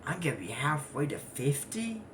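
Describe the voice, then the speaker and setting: A young adult in their twenties recaps a cartoon episode in loose, casual commentary and keeps wandering into side remarks. The pitch swings up and down all the time. A faint hiss sits behind the voice. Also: big pitch swings, moderate pace. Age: 20s. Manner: rambling, digressive asides. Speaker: anime episode reviewer.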